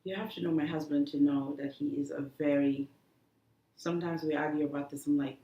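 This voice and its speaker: A woman being interviewed, talking earnestly and haltingly, with many restarts. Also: deep voice, fairly even intonation, mellow, lo-fi sound. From The Gambia. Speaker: guest, cancer survivor. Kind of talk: emotional interview talk. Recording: echoey room.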